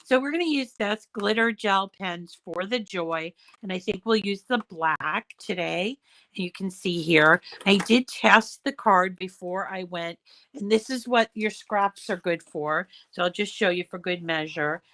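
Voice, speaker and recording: A hoarse woman walks through a craft project at a slow, easy pace. She talks in a chatty, step-by-step way, with fillers and frequent throat clearing. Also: mid-range voice, a bit bright, a little hiss or hum. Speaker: crafting channel host. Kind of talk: casual craft tutorial.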